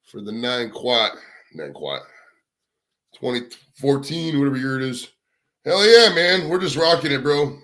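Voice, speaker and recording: A man's voice: medium pitch, expressive, unhurried, long pauses, fairly bright tone. A young man hosting a casual livestream from home, rambling and swearing as he chats to his viewers. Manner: rambling, profane, chatting to viewers. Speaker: livestream host. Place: home, indoors.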